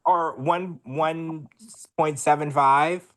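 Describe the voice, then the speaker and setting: A man's voice: fairly high pitch, fairly even intonation, slow. A man co-hosting a podcast, chatting casually and gossiping, calling his listeners y'all. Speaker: podcast co-host. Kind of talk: casual chat.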